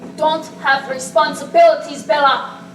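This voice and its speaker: A woman playing a stern old grandmother speaking from a school stage in a high, clipped voice that carries cold, unbending authority. The recording is distant and echoey, with a steady hiss running beneath it. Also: moderate pace, close to an everyday voice. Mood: harsh. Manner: curt, clipped and unyielding. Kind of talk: amateur stage acting.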